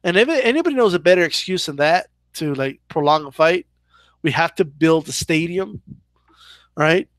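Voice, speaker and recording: A man's voice: fairly high pitch, lively intonation, moderate pace, fairly bright tone, no echo. A man hosting a casual live Q&A about boxing, chatty and loose, full of "like" and "right?" as he answers viewer questions. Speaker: boxing channel host.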